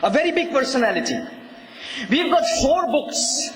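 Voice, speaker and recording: A man preaching a religious lecture in an emphatic way, often rising to a shout and asking his listeners questions, recorded in an echoey hall. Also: very high-pitched, sing-song, moderate pace, background noise.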